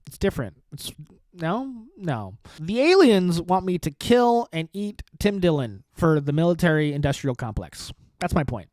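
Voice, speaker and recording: Hosting his own podcast solo, a man delivers a comedic rant that is sarcastic, provocative, and rambling. His slightly high, darkish voice is very animated yet a little slow, with no room sound.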